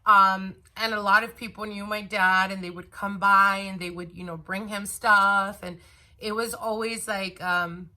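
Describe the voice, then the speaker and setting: A woman's voice: mid-range voice, steady tone, a little slow, bright, forceful tone. A woman casually telling a personal story to her viewers, rambling with fillers and restarts. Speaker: tarot reader and channel host.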